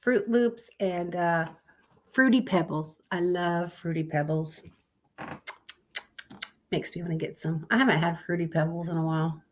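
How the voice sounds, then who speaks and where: A woman hosts a casual live stream, reading fun facts aloud and chatting with viewers. She sounds sleepy and talks at an unhurried, drawn-out pace, wandering off on tangents as she goes. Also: fairly low pitch, fairly even intonation. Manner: rambling, chatty, addresses viewers as y'all. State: sleepy, yawning.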